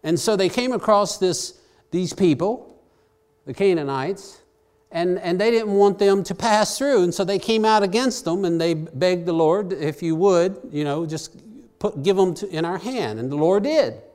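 A man's voice: high voice, measured pace, darkish tone. A man preaching a sermon, reading scripture aloud and explaining it in plain everyday words. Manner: varies pace, drawing out key phrases and speeding up asides.

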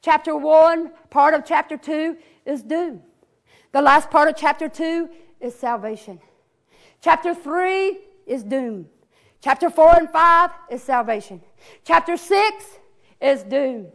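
A woman preaching a sermon, telling a story dramatically and rising to tearful shouts at the high points. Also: slow pace, vocal fry. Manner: dramatic storytelling, rises to crying shouts at climaxes.

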